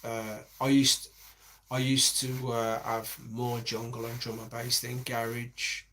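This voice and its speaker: A man's voice: mid-range voice, monotone, slow pace, fairly bright tone, a little hiss or hum. A man in his forties, rambling in a casual monologue with heavy swearing and many restarts.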